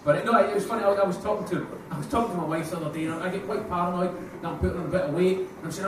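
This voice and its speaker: A man with a Scottish accent doing a crude, animated stand-up comedy set, slipping into put-on voices. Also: high voice, racing, few pauses. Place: live comedy venue with audience. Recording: echoey room, mic heard from far off, noisy.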